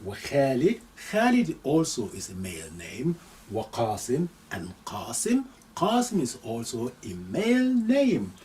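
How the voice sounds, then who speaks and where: A man teaching an Arabic lesson, reading phrases slowly and deliberately and repeating each one with its translation. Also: medium pitch, wildly swooping pitch, darkish tone, distant mic, a little hiss or hum, poor audio. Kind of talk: live online language lesson.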